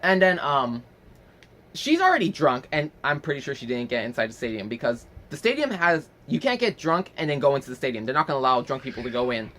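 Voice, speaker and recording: A man's voice: medium pitch, fast talker. A young man telling a rambling story as a casual vlog, swearing freely and acting out the people in it. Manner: animated, rambling with fillers. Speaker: vlogger.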